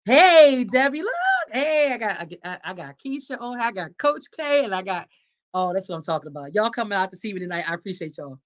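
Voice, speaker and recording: A woman's voice: mid-range voice, expressive, brisk, fairly bright tone. A woman hosting a live podcast speaks. She delivers each point with firm, preacher-like emphasis, talking straight to her audience and answering their comments as they come in. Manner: emphatic and preacherly, addressing listeners as y'all and reading live comments. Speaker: podcast host. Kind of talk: live-streamed advocacy talk.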